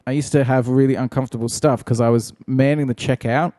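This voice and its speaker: A man's voice: medium pitch, fast talker, no echo, studio quality. A man, telling funny stories in a casual podcast chat and laughing often. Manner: animated, jokey, laughs often.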